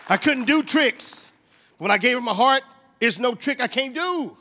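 A middle-aged man giving a comic, animated sermon as a motivational church speaker, telling stories with comic voices. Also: extremely high pitch, moderate pace, a faint crowd, a little hiss or hum.

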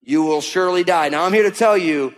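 A man's voice: sits high, brisk. A man preaching a sermon to his church in a conversational, emphatic way, often acting out quoted voices. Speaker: pastor. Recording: long hall reverb.

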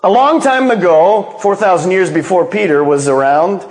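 A man's voice: high-pitched, moderate pace. A male pastor preaching a sermon as a dramatic storyteller who acts out the quotes. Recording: long reverb of a large hall.

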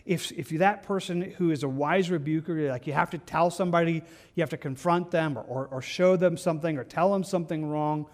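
A man with a somewhat high voice teaches from scripture in an earnest, conversational tone. He often stumbles, repeats words and starts his sentences over as he goes. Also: brisk. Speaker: pastor. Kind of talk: devotional Bible teaching.

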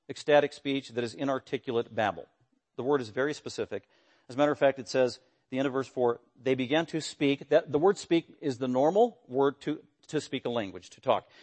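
A man preaching an expository sermon, animated and emphatic, with bursts of raised voice, sometimes mimicking voices for quoted lines. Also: medium pitch. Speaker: pastor.

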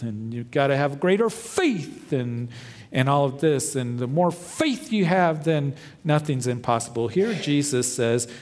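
A male pastor delivering a sermon in an impassioned way. His voice swells on pleading lines and drops low and soft on others. He sits at a middle pitch for a man. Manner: impassioned preaching, voice swelling and dropping, quotes scripture dramatically.

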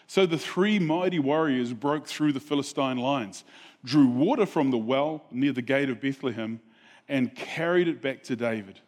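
A man preaching a sermon, telling a Bible story in a relaxed, conversational way and asking the audience questions. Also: medium pitch, normal speed. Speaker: pastor.

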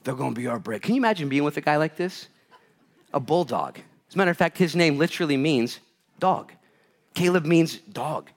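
A man preaching a sermon as pastor to a live audience, swinging between loud urgent bursts and hushed quiet lines. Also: a little high, lively intonation, normal speed, pauses often.

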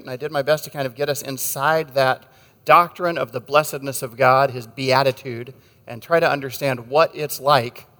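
A man's voice: medium pitch, sharp tone, big-room sound. A man preaching a sermon in a conversational, wry way, telling stories with jokes and asides. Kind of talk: sermon with storytelling.

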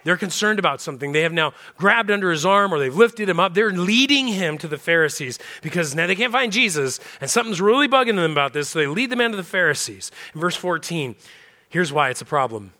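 A man pastor preaching a sermon in an animated, conversational way with casual asides. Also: high-pitched, fast.

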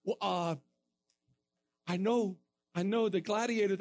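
A man preaching to a room of students, telling a story with lively acted-out quotes and bursts of laughter. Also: sits high, takes it slowly, pauses often, dry recording. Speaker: evangelist speaking to students. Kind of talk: storytelling sermon.

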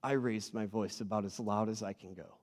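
A man in his thirties preaching a sermon to a congregation, earnest and personal, swinging between loud emphatic bursts and soft, quiet moments. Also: fairly low pitch, steady tone, normal speed. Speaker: pastor. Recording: long hall reverb.

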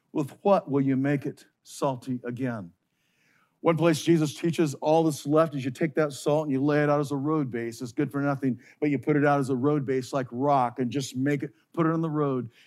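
A pastor preaching a sermon to his congregation, slowing down and stressing key phrases with passion. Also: fairly high pitch.

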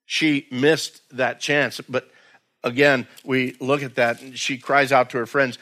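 A man's voice: mid-range voice, little pitch movement, a little slow, a bit bright. Earnest, conversational male pastor. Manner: conversational, earnest preaching with frequent "man" and "again". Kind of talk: expository sermon. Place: church.

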